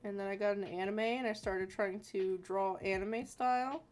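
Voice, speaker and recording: A woman's voice: medium pitch, fairly even intonation, moderate pace, a little mellow. A woman in her thirties, an artist chatting casually with viewers while drawing, rambling and self-deprecating. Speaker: artist hosting a chat stream.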